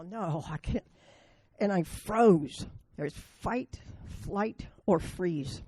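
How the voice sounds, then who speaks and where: A woman with a gravelly, husky voice speaks at a recovery meeting. She tells blunt, self-mocking stories in a dark tone. The sound is dry and close. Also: on the low side, no echo. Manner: blunt, storytelling, self-deprecating.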